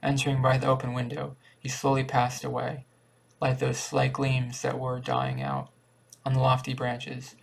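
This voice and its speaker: A man reading a short story aloud as an audiobook, with a steady, measured delivery. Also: mid-range voice, vocal fry. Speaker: audiobook reader. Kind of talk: audiobook narration.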